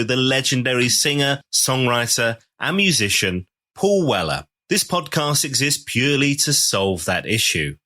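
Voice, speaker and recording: A man's voice: mid-range voice, pushed and bright. Upbeat man hosting a podcast. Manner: upbeat, enthusiastic, chatty. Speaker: podcast host. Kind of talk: scripted intro then casual interview chat.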